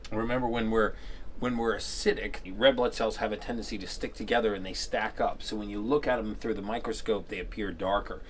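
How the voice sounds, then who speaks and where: Low-voiced man talking through gauze. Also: steady tone, a little fast, slight background noise. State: mouth stuffed with gauze, tongue half numb. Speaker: host, patient after tooth extraction. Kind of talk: casual explanation at a microscope.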